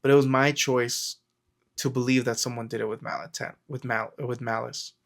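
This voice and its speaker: A man's voice: mid-range voice, steady tone, normal speed, creaky. Casual rambling male self-help vlogger. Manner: rambling, storytelling, acts out quotes, frequent fillers. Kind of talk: casual motivational talk to camera.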